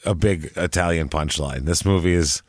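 A man's voice: low-pitched, normal speed, no echo, studio quality. A young man co-hosting a podcast, riffing crude jokes in a casual movie recap. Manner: crude, riffing jokes, drops mock lines. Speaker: podcast co-host.

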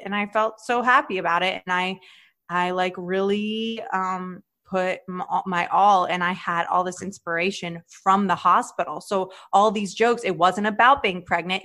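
Lively storytelling woman comedian, slightly low. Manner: animated storytelling, swearing, quoting herself in put-on voices. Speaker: podcast co-host, stand-up comedian. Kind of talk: casual chat.

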